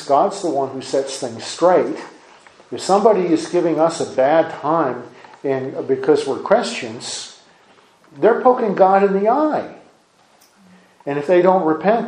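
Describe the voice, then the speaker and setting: A man's voice: on the high side, darkish tone. A man giving sermon-style Bible teaching in an earnest way, often repeating and restarting his words. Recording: echoey room.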